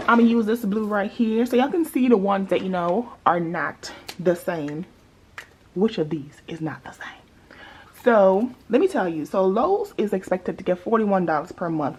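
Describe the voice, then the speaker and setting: A woman's voice: medium pitch, a little mellow, breathy edge, low-quality recording. A woman budgeting vlogger chatting casually to her viewers in a sassy, playful way with joking asides.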